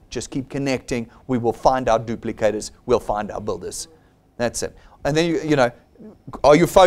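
A middle-aged man giving a motivational business seminar in an emphatic, exhorting manner. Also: fairly high pitch. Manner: emphatic and exhortative, acts out quoted voices. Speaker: seminar presenter for his company.

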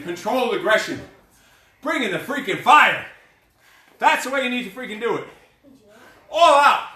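A man coaching a live workout class, barking loud, profane, fired-up motivation and counting reps. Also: sits high, far from the mic. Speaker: fitness coach. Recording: roomy sound from away from the mic.

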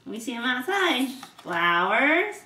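A woman reading picture books aloud to a toddler, asking patient questions in a slow, playful way. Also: high-pitched, very animated, bright, forceful tone. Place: home room. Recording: roomy home video from a distance.

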